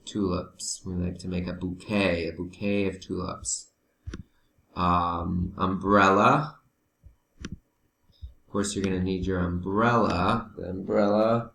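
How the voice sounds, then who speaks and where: A man with a low, gravelly voice walks learners through vocabulary at an unhurried pace, switching into Spanish to help them along. He sounds patient. The sound is roomy, with some echo. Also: a bit bright, slight background noise. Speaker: teacher. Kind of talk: remote vocabulary lesson.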